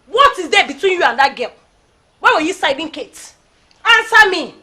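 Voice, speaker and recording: A woman's voice: very high-pitched, very animated, moderate pace, sharp tone, exaggerated voice. A woman with a Nigerian accent playing a domineering, jealous wife who scolds and accuses her household. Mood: defensive. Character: domineering jealous wife, middle-aged madam. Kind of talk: Nollywood film acting.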